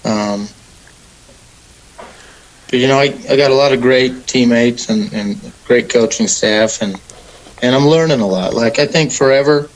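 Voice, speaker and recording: A young man, a mixed martial arts fighter, answering interview questions in a relaxed, rambling way with many fillers. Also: medium pitch, a little slow, pauses often, poor audio. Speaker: MMA fighter, guest.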